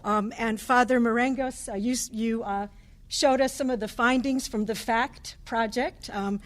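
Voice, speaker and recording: A middle-aged woman from the United States speaking with a high, light voice. She lectures in a conversational academic way and often stops to restart her sentences. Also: fairly even intonation, measured pace. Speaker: guest speaker, professor of anthropology. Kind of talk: conference lecture. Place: cathedral hall.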